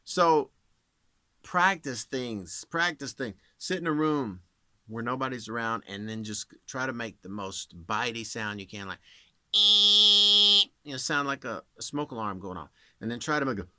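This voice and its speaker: A man's voice: medium pitch, moderate pace, sharp tone, no room sound. A man in his thirties who works as a voice actor, rambling casually to camera and demonstrating voices as he explains.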